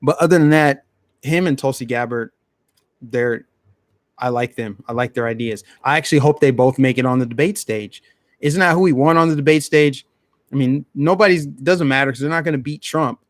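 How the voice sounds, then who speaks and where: A man's voice: medium pitch, moderate pace, no room sound, clean studio sound. A man hosting a live stream, ranting bluntly in casual commentary and talking straight to his chat.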